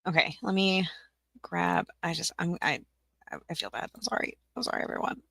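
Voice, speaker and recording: A woman's voice: lowish voice, animated, a little fast, creaky, sharp tone, husky, no echo. A woman hosting a casual livestream, flustered and apologetic, talking to herself and laughing often. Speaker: livestream host for teaching-resource sellers.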